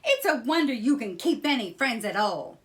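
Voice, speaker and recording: A woman's voice: medium pitch, sing-song, slow. A woman voicing a stern, sensible male water rat in a children's storybook, scolding his friend.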